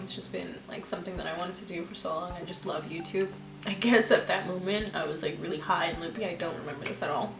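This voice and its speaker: A woman speaks to camera in a candid, reflective storytime, leaning on fillers as she talks it through. Her voice bounces around a roomy, echoey space, and music plays clearly in the background. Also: fairly low pitch. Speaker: vlogger. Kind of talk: personal storytime vlog. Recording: echoey room with music behind.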